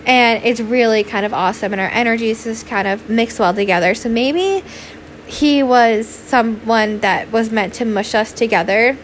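A woman's voice: a little high, a little hiss or hum. A young woman hosting a casual solo podcast, talking in a chatty, candid way full of "like" and the odd swear, tired and yawning. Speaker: podcast host.

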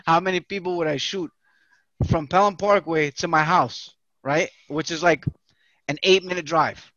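A slightly high-pitched man tells rambling, slang-heavy stories among friends and laughs often. The sound is dull and very dry. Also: steady tone, normal speed, fairly bright tone, dry recording. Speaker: podcast co-host. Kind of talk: casual chat.

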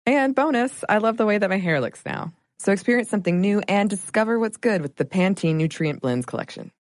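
A woman's voice: medium pitch, brisk, darkish tone, no echo. A woman reading a scripted ad in a friendly, upbeat, chatty way. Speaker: ad presenter. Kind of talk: scripted ad read as chat.

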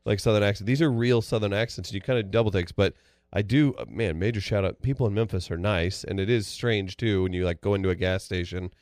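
A man's voice: fairly low pitch, fast, a little mellow, dry recording. A man co-hosting a casual sports talk show, wry and rambling, with plenty of fillers and dry jokes. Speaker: radio co-host.

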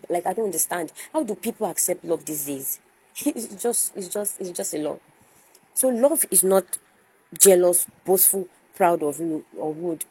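Soft-toned woman asking earnest questions. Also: lowish voice, breathy edge, poor audio. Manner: earnest, repetitive rhetorical questions. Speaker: podcast host. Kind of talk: faith-based podcast talk.

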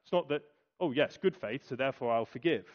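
A man preaching a sermon, asking rhetorical questions and pausing for effect. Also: medium pitch. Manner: rhetorical questions, dramatic pauses and acted quotes. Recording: dull lo-fi recording.

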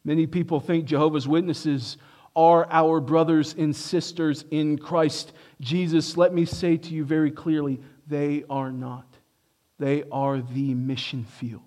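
A male pastor preaching a sermon, emphatic, rising to stress key points and dropping low and quiet for asides. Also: flat delivery, unhurried.

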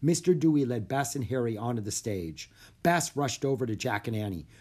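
A narrator reading a children's chapter book aloud with expressive, animated storytelling. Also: mid-range voice, fairly quick, husky.

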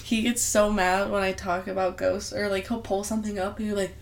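A woman's voice: mid-range voice, level tone, brisk. A young woman co-hosting a podcast, talking in a rambling, easily sidetracked way. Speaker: podcast co-host. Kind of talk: casual chat.

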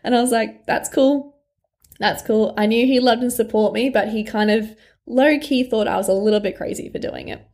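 A woman's voice: a little high, steady tone, fairly quick, a little mellow. A young woman, a life coach talking candidly and frankly in a personal vlog, swearing freely and laughing often.

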